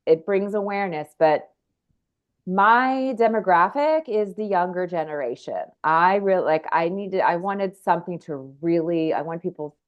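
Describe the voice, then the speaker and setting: Woman in her 40s, low voice, earnest and rambling, restarts sentences, muffled lo-fi sound. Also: normal speed. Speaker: guest. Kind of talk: candid conversational storytelling.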